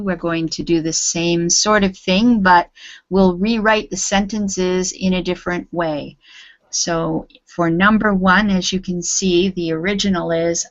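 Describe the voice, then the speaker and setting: A woman's voice: lowish voice, fairly bright tone, no echo, muffled recording. A woman teaching an English grammar class online, correcting students patiently and encouragingly.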